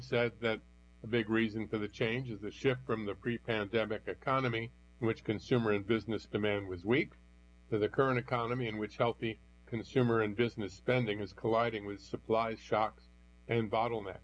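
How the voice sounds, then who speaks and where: A man reading news articles aloud in a steady, even delivery. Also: fairly low pitch. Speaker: news reader. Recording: dull lo-fi audio with mains hum.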